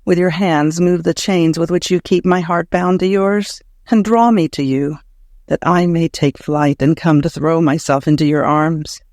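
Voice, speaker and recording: Male narrator with a high voice for a devotional audiobook, prayerful and emotional. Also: fairly even intonation, unhurried, darkish tone, no room sound, studio quality.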